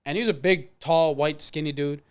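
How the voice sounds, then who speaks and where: Fast-talking young man telling stories. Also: on the high side, clear, resonant tone. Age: 20s. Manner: rambling, lots of fillers and quoted dialogue. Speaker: interview guest, MMA fighter. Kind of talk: casual storytelling.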